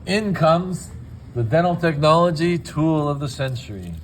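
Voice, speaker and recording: A man's voice: a little high, lively intonation, a little slow, a little hiss or hum. A man demonstrating dental lab work in a casual teaching style, with joking asides. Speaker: dental technician. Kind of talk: hands-on demonstration. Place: dental laboratory.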